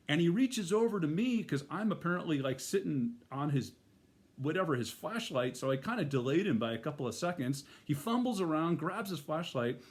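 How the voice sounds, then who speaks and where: A man's voice: on the high side, a little mellow. A middle-aged man telling a personal story in a casual, rambling way, full of fillers and restarts.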